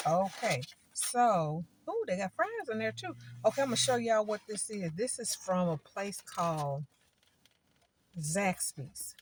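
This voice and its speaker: A woman's voice: mid-range voice, background noise. A woman talking casually to her viewers, emphatic and repeating words as she lectures, then chats. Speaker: vlogger. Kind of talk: casual vlog talk to viewers.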